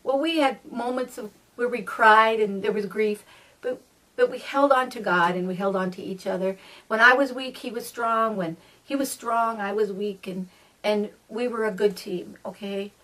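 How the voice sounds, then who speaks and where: A middle-aged woman talks straight to her viewers in a chatty, earnest monologue of personal stories. Her voice sits at an ordinary pitch and is picked up from a little way off the mic. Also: moderate pace, a bit bright. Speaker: vlogger. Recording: voice a bit distant from the mic.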